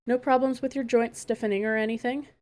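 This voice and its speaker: A woman's voice: fairly high pitch, steady tone, quick pace, a little mellow, pitched above the performer's own voice, close to an everyday voice. A woman voicing a plucky young princess. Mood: spirited.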